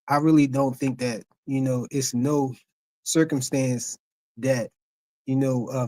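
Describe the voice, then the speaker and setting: A male caller with a dark, mellow voice gives his take on a boxing talk show. He pauses often on fillers, speaking at an ordinary pitch, and the sound is close and dry. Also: no room sound. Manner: hesitant, many fillers. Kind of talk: casual call-in commentary.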